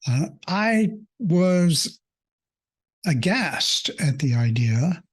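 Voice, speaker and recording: A man working as a mindfulness coach, telling a personal story in a reflective, halting way with many fillers, earnest and openly emotional. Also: fairly high pitch, big pitch swings.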